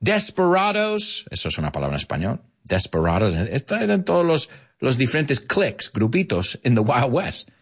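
A man in his forties, a podcast host teaching English, talking in an animated way and acting out quotes. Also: fast, husky. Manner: animated, acts out quotes with big pitch jumps. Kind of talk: bilingual English lesson.

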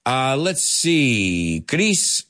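His mid-range voice stretches out the words. Running a live English class, he animatedly reads comments from viewers, laughs while correcting them, and shifts between English and Spanish to make things clear.

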